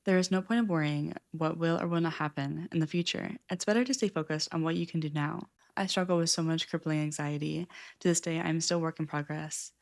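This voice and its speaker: A woman's voice: low-pitched, fairly even intonation, fairly quick, vocal fry. A young adult woman vlogging about a self-help book, talking in an earnest, open way with frequent "like" fillers. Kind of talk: candid personal reflection.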